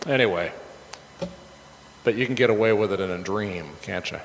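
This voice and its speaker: A man's voice: lowish voice, moderate pace. A middle-aged man preaching a sermon as a casual story, chatty and rambling, with many fillers and restarts. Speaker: pastor. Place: church sanctuary. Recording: reverberant hall with faint background noise.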